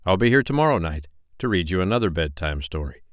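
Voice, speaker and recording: A man narrating a bedtime story as host of a story podcast, gentle and expressive. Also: low voice, fast, no echo, clean studio sound.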